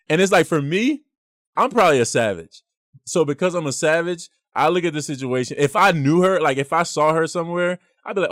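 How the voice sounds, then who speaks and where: A man's voice: fairly high pitch, animated, a little fast, no echo, studio quality. A young man hosting a casual podcast, arguing his point with slang and emphatic rhetorical questions. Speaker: podcast host.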